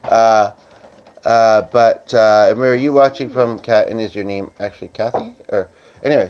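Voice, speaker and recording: A man's voice: on the low side, moderate pace, a little mellow. A man hosting a casual livestream, rambling with many fillers as he reads viewer comments aloud. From Canada. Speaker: livestream host. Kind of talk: casual live-stream chat. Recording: slightly dull lo-fi audio.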